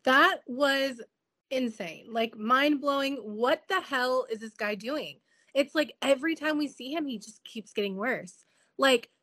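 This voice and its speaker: A woman's voice: fairly high pitch, fairly bright tone, no room sound, studio quality. A woman co-hosting a podcast, talking in an exasperated way and full of "like" in casual recap chat. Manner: exasperated, fast-talking with lots of "like". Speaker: podcast co-host.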